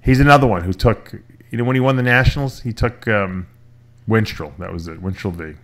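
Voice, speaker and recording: A podcast host with a lowish, somewhat bright voice speaks briskly on a casual talk show. His long, rambling story is full of restarts, and he retells it using quoted voices.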